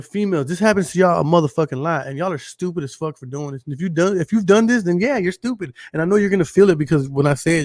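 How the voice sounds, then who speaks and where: A man's voice: on the high side, darkish tone, no echo, clean studio sound. A man with a Texas accent hosting a casual solo podcast, blunt and profane, talking straight to his listeners. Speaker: podcast host.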